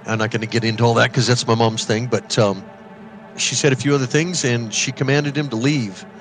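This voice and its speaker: A man co-hosting a podcast, casually telling a ghost story and acting out the voices of people in it. He often restarts and repeats words when he gets excited. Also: medium pitch, brisk. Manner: lively storytelling, acts out quoted voices. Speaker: podcast co-host.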